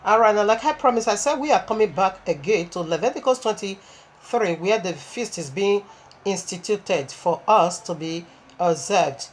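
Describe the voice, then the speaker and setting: A woman preaches, reading long scripture passages aloud and breaking into her own comments between verses. Her voice sits in a middle pitch for a woman. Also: expressive, normal speed, a little hiss or hum. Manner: reads scripture aloud, breaks off with asides and laughs.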